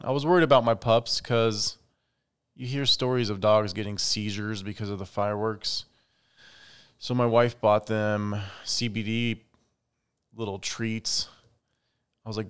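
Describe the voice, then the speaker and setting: A man's voice: medium pitch, moderate pace, smooth. A young man hosting his own podcast, talking casually and with strong opinions in a chatty solo monologue. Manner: chatty, opinionated, animated asides. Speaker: podcast host.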